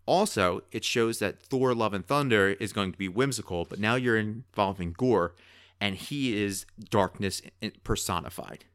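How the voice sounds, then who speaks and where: A man co-hosting a podcast in casual chat, talking in an excitable, rambling way. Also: lowish voice, moderate pace, smooth, dry recording. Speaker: podcast co-host.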